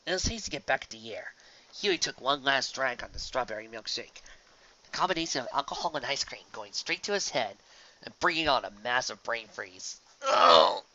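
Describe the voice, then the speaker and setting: Bright-toned man reading a story. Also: mid-range voice, lively intonation, brisk, lo-fi sound. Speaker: reader. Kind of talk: reading fan fiction aloud.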